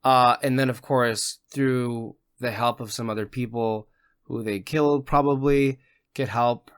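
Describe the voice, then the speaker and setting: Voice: mid-range voice, steady tone, unhurried, clear, resonant tone, no echo. A podcast co-host reacting to a TV episode in casual talk, circling around ideas with false starts and second thoughts. The voice sits mid-range and is recorded close and dry, with almost no room sound. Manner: thinks aloud with restarts and hedges.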